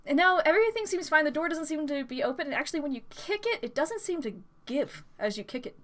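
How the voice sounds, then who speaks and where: A woman's voice: high-pitched, lively intonation, fast talker, fairly bright tone. A woman narrating a tabletop game as dungeon master, describing scenes with frequent fillers.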